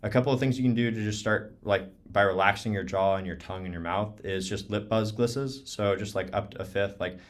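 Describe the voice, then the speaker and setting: A young man giving a relaxed online clarinet lesson, talking casually with lots of "um" and "like". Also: on the low side, brisk, few pauses, noisy background. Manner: relaxed, many fillers like "um" and "like". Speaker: clarinet teacher. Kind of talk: casual online clinic talk. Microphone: video call.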